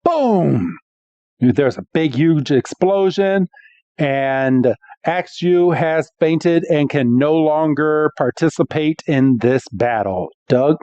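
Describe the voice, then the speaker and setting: A man's voice: a little high, takes it slowly, no echo, highs cut off. A man co-hosting a podcast, recapping a cartoon episode in casual chat and acting out the characters' lines with energy. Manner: animated storyteller, acts out quotes. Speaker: podcast co-host.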